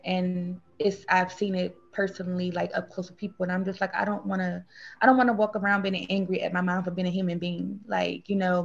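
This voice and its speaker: A woman speaking earnestly and at length as an interview guest, rambling through a personal story of grief and getting animated when she quotes others. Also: mid-range voice, dull audio. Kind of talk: emotional conversational interview.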